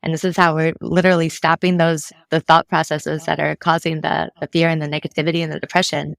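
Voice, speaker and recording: A mental fitness coach appears as a guest, speaking fast in a low, gravelly voice with flat delivery and no room sound. She breaks things down step by step in a casual, easygoing interview, regularly checking in with "right?".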